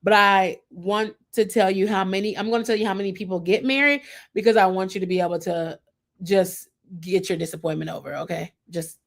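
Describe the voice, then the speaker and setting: A woman's voice: medium pitch, steady tone, brisk, vocal fry. Chatty woman rambling through a TV recap. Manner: chatty, rambling, mimics people she talks about. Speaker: podcast host. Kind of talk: casual TV recap chat.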